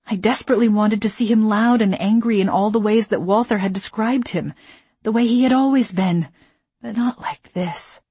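A woman narrating a first-person novel in a measured voice, dropping to whispers in tense moments. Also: medium pitch, mellow, husky, no room sound. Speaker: audiobook narrator.

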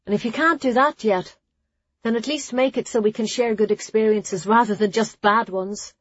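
A woman's voice: a little high, fairly even intonation, normal speed, dry recording, dull audio, voice pushed up, natural voice. A woman voicing a blunt, matter-of-fact young novice girl. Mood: dry.

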